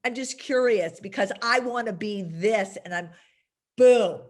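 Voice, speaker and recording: A woman's voice: mid-range voice, a little slow. Chatty, emphatic woman coaching students. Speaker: career coach and instructor. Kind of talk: lively teaching to a class.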